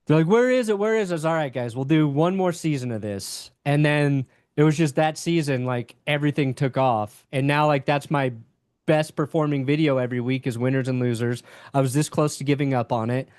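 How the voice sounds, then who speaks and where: A man's voice: medium pitch, fairly even intonation, a little fast, darkish tone, clear, resonant tone, no room sound, studio quality. A young man chatting casually as a podcast guest, candid and rambling, with casual swearing. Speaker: podcast guest, sports YouTuber.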